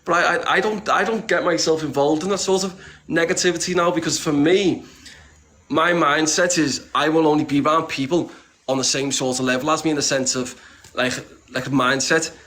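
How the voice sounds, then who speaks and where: Speaking at normal speed with a steady, slightly high and somewhat bright voice, a man gives a casual interview full of blunt, streetwise talk. He curses freely, uses "lad" often, and keeps rambling and restarting.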